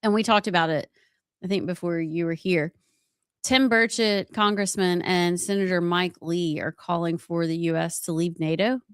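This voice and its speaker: A woman's voice: fairly low pitch, steady tone, moderate pace, smooth, no echo, clean studio sound. A middle-aged woman, co-hosting a radio show and chatting with an easy laugh. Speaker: radio co-host. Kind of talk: casual studio chat. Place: radio studio.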